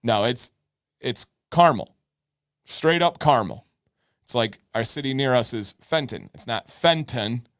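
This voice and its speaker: A man's voice: mid-range voice, animated, measured pace, fairly bright tone, dry recording, studio quality. A middle-aged man co-hosting a live advice stream, chatting casually and playfully arguing his point. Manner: joking, playfully argumentative. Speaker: podcast co-host.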